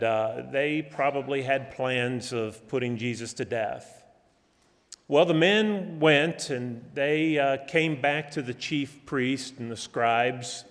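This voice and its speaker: A middle-aged man preaching a sermon in a church, folksy and halting, with many restarts and fillers. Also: a little high. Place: church hall. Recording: reverberant church hall.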